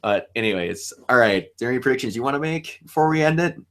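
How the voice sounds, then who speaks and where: A young man hosting a casual fan chat, animated and laughing often, acting out lines as he talks. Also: mid-range voice, fast talker. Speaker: show host.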